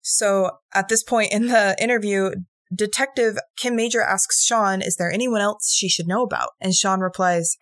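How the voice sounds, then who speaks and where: A woman's voice: mid-range voice, moderate pace, dry recording. Woman podcast host going through a true crime case, chatty and blunt, dry close sound. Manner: casual, animated retelling with swearing.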